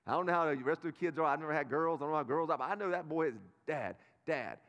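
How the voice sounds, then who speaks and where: A man in his thirties from North Carolina, a pastor preaching a sermon and swinging from loud bursts to quiet asides. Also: fairly high pitch, quick pace, muffled recording. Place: church auditorium. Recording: long reverb of a church hall.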